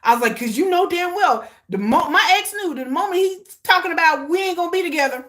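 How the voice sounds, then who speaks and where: Lively high-voiced blunt woman. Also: quick pace, hardly any pauses. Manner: blunt, profane, emphatic; animated, repeats phrases for punch. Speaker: host of a live watch-along. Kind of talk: casual reaction commentary.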